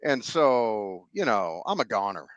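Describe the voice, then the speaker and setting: A man in casual podcast chat, telling self-mocking stories with a lively voice that rises and falls all over. He sits close to a studio microphone in a dry, dead-sounding room with no echo at all. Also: fairly low pitch, a little slow, muffled recording. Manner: animated, self-mocking storyteller. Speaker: sports radio host.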